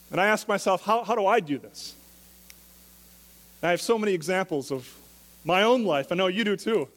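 A pastor delivers a sermon in a high-pitched voice, with a long reverb tail trailing his words. He speaks conversationally, putting one question after another to his listeners.

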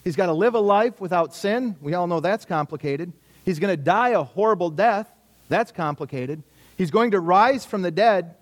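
A middle-aged man delivers a sermon in a relaxed, conversational tone. His voice sits a little high for a man. He leans on rhetorical questions and repetition to drive his points home. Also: moderate pace. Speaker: pastor.

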